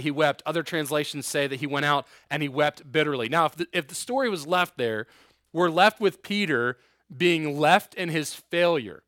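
Joking youth pastor, dry close sound. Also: male voice, on the high side, fairly bright tone, no echo. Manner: joking asides while reading scripture aloud. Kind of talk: informal sermon to a youth group. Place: room with a live group.

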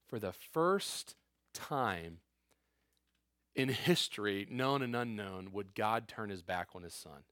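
A man's voice: fairly low pitch, animated, slow pace, fairly bright tone, no echo, studio quality. A man preaching a conversational sermon as a pastor, earnest and emphatic with informal asides.

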